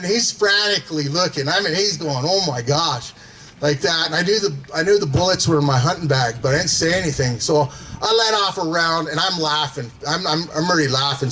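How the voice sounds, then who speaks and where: A man's voice: on the high side, a bit bright, a little hiss or hum, poor audio. A man telling casual stories to a gathering, rambling with fillers and chuckling as he goes. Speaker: storyteller at a gathering. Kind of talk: casual storytelling.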